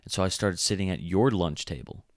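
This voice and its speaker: A young man co-hosting a podcast, talking in a casual, soft-spoken and hesitant way, with frequent restarts. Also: low-pitched, brisk, dry recording, studio quality. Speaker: podcast co-host. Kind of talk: casual chat.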